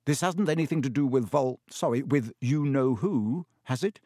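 An earnest, curious schoolboy wizard, coaxing and gently questioning, as a male audiobook reader plays him. The voice sits at a middling pitch. The recording is dry with no room sound. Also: moderate pace, no room sound, close to an everyday voice. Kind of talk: audiobook character voice.

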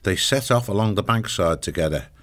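A man narrating a children's animal story in a calm, even storytelling manner. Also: on the low side, fairly quick. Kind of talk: scripted narration.

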